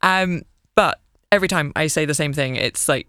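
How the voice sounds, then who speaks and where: British woman, english teacher, playful chatty guest, clear bright voice. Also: low-pitched, fairly quick, few pauses, no room sound, studio quality. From Britain. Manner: playful, animated storyteller, self-mocking humor. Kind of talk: casual interview chat.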